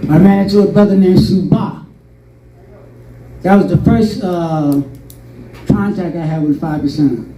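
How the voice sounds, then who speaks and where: A man's voice: high voice, a little slow, pauses often, far from the mic, background noise. Older man telling a rambling story. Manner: rambling, animated storytelling with acted quotes. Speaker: interview guest. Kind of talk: storytelling interview. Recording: roomy, from off-mic.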